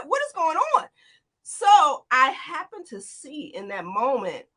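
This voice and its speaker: Speaking at medium pitch, a female interview guest in her forties relives a terrifying getaway. It's an emotional personal account, told in an animated, tumbling rush full of quoted dialogue.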